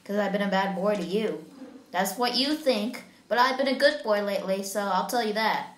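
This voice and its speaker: A woman's voice: mid-range voice, moderate pace, slight background noise. Woman gaming host, chatty and giggly, roomy recording. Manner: chatty, giggly, talks to viewers. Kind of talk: casual let's-play commentary.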